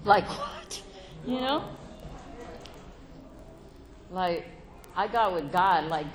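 A middle-aged woman's voice, lowish and slow with lively intonation and long pauses, delivers a frank personal testimony at a recovery meeting. She laughs often and swears freely, and faint crowd and background noise come from the audience in the meeting room.

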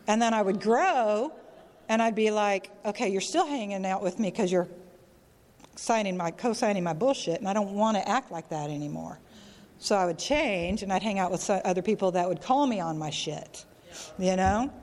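A woman's voice: medium pitch, expressive, moderate pace, darkish tone. A middle-aged woman speaking candidly at a recovery meeting, emotional and frank, swearing freely and often asking "you know?". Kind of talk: candid personal share, casual and profane. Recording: long hall reverb.

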